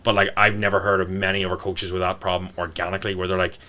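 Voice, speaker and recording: A man's voice: deep voice, little pitch movement, rapid-fire, pushed and bright. A man, a fitness coach guesting on a podcast, talking bluntly and swearing freely. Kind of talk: casual podcast talk.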